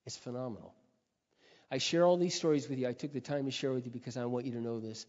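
A middle-aged man delivers a sermon through earnest personal stories, pausing often to clear his throat. His voice sits at an ordinary pitch and carries a long reverb from a large hall. The recording is muffled and lo-fi. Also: a little mellow. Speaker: preacher. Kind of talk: sermon storytelling.

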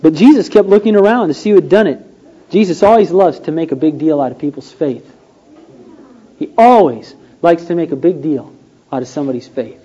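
Mellow-voiced man preaching a sermon. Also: on the high side, a little fast, husky. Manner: storytelling with acted-out quotes, rising and falling emphasis. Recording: dull lo-fi recording.

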